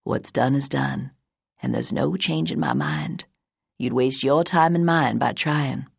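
A woman voicing a wealthy, sharp-minded woman in her eighties who speaks firmly and crisply. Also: rumbling low, big pitch swings, measured pace, no room sound, clean studio sound, exaggerated voice. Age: 80s. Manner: firm, crisp, unbending.

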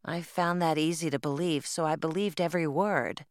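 A woman's voice: low voice, moderate pace, few pauses, no room sound, studio quality. Woman narrating a first-person story. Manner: plain storytelling, first person as a twelve-year-old girl. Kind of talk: audiobook narration.

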